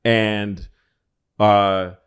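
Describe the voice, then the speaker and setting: A man's voice: fairly low pitch, extremely slow, clean tone. Man telling a story on a podcast. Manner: animated storytelling with profanity and put-on voices. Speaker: guest storyteller. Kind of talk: casual podcast chat.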